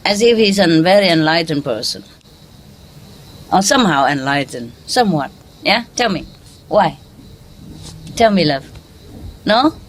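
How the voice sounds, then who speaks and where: Woman spiritual teacher, unhurried delivery, chuckles a lot, quizzes the room. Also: lowish voice, lively intonation, a little hiss or hum. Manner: chuckling often, quizzing listeners, in loose conversational English. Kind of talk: informal teaching talk to an audience.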